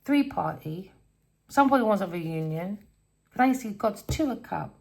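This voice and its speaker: A tarot reader gives a casual reading, blunt and rambling, swearing constantly as she tells stories. Her mid-range voice is animated and darkish with vocal fry, at a moderate pace.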